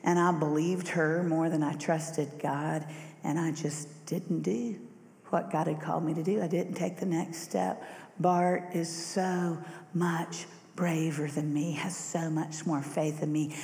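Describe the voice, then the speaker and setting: A middle-aged woman preaching a sermon, telling the story in a lively way and acting out the voices. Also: deep voice, measured pace, creaky. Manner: animated storyteller who acts out voices. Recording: echoey hall reverb.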